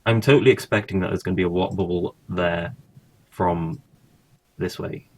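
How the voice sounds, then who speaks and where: A man's voice: deep voice, steady tone, normal speed, a little mellow. A man casually commentating his own gameplay, thinking aloud and swearing now and then. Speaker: gaming streamer.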